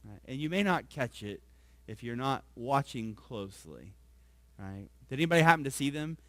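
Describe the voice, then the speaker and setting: A male pastor preaching a sermon. He keeps asking the congregation questions, tags his points with "right?", and swings from soft, low asides to loud emphasis. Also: sing-song, moderate pace, no echo.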